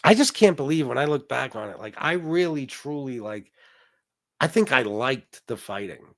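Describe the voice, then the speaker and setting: Here a middle-aged man of Sicilian heritage runs a livestream, reading his chat aloud and answering between brash, profane stories. His mid-range voice is expressive and fairly bright at a moderate pace, captured dry with studio quality.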